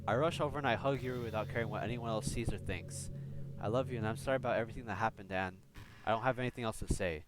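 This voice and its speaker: A man's voice: fairly low pitch, quick pace, music in the background, close to an everyday voice. A man reading as an earnest teenage boy hero. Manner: read aloud plainly in his own voice. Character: teenage boy player character, earnest and devoted.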